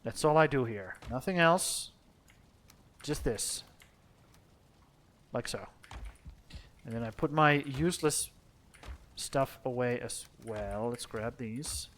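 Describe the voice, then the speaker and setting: Talking slowly and pausing often, a young streamer from Finland rambles through casual gameplay commentary, profanely addressing both himself and his character in the video game. His voice is medium in pitch and a bit bright.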